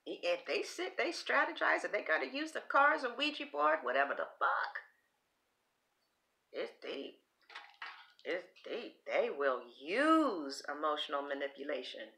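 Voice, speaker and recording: A woman's voice: low-pitched, sing-song, unhurried, creaky, long pauses, sharp tone. A woman reading tarot cards in a casual vlog, rambling, blunt and swearing freely. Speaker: tarot reader.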